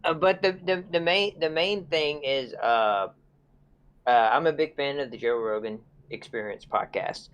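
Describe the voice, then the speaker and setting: Chill podcast dude talking slow, mid-pitched, lots of "man" and "dude". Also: a bit bright, smooth, dull audio. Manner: laid-back, peppered with dude and man. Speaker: podcast co-host. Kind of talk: casual chat.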